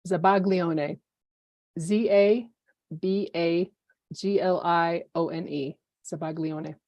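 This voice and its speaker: A woman competing in a spelling bee over a video call, politely asking for definitions and spelling in a measured way. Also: lowish voice, steady tone, darkish tone, muffled recording. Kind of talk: spelling aloud in a contest.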